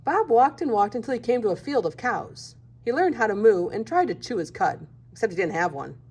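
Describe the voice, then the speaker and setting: A woman's voice: on the high side, sing-song, brisk, a little mellow, husky. A woman reading a children's picture book aloud, expressively, acting out the animal sounds. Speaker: storybook reader.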